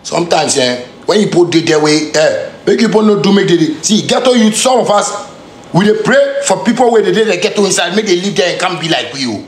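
A man speaks with a strong Ghanaian Pidgin English accent, his voice sitting high and leaping all over the place as he rants. He is confrontational and streetwise, hammering the same phrases again and again. The room is echoey, with a faint hiss of noise underneath. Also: expressive, fairly quick. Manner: confrontational, heated, streetwise slang, repeats phrases. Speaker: musician. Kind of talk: angry direct-to-camera rant.

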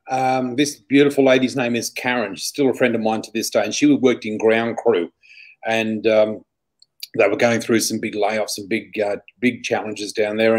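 Man, psychic guest, animated storyteller, casual chat, middle pitch. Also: rough recording. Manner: animated, chatty, exclamatory storyteller.

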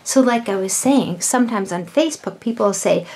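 A middle-aged woman, a mother, patiently explaining vowels and punctuation to young children, with slow, drawn-out words. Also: on the high side, a little mellow. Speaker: children's educational video host.

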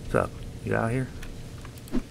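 A man's voice: on the low side, wildly swooping pitch, moderate pace, creaky, noisy background. A young man casually commentating a horror game, joking, swearing and talking back to the characters. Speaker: gaming YouTuber.

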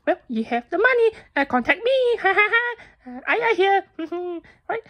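A woman voicing a pushy female crow tengu newspaper seller in a comedic phone call skit, speaking hurried, broken English with eager repetitions. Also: extremely high pitch, very animated, exaggerated voice. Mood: hawking. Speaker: phone salesperson.

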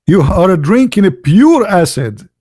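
Male host, mocking polemical monologue, repeats words for emphasis, fairly high voice, dry room. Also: very animated, unhurried, a little mellow, no room sound. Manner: mocking, with rhetorical questions. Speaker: channel host.

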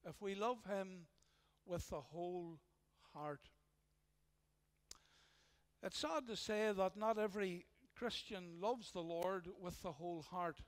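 Speaking slowly and pausing often, a pastor with a Northern Irish accent delivers a sermon in a voice that sits high. He is earnest and emphatic, repeating phrases for weight, with long hall reverb around him.

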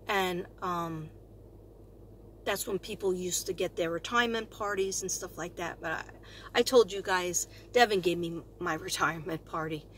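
A woman's voice: fairly low pitch, moderate pace, a bit bright, a little hiss or hum. A woman in her fifties, a retired teacher, chatting in a rambling, bubbly way on her astrology vlog, laughing often. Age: 50s. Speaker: astrology vlogger.

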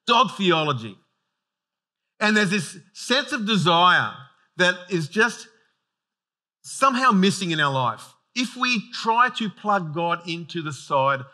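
A man preaching a sermon as pastor, animated and conversational, often restarting and repeating words. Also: a little high.

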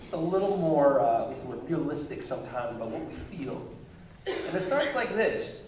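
Male pastor preaching, chill chatty tone, kinda high voice, lots of church echo, mic far off. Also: sing-song, moderate pace, background noise. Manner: conversational, light chuckles between points. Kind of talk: sermon. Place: church sanctuary.

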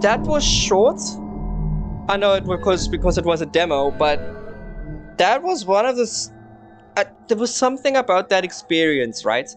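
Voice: mid-range voice, very animated, normal speed, music in the background. A channel host giving jumpy, nervous let's-play commentary on a horror game, repeating phrases when scared.

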